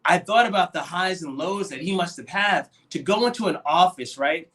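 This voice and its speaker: High-voiced man chatting about movies. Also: moderate pace. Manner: animated, acts out quoted voices. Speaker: podcast co-host. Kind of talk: casual movie discussion.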